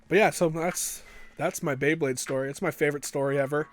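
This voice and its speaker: A man's voice: on the high side, steady tone, brisk, faint music behind. A young man telling an exaggerated comic story for his vlog, swearing freely and building it up like an epic battle. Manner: profane, exaggerated, mock-epic. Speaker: vlogger. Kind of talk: comedic storytime monologue.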